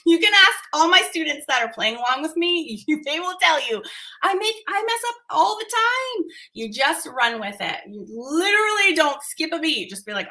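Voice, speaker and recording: A woman's voice: sits high, big pitch swings, normal speed, sharp tone. A woman art teacher on a live stream, chatty and emphatic, laughing often and reacting to viewer comments.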